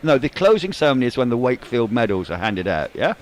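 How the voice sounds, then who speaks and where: Lively teasing male radio host. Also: medium pitch, fast, slight background noise. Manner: teasing, interrupting with score updates. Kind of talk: live sports chat.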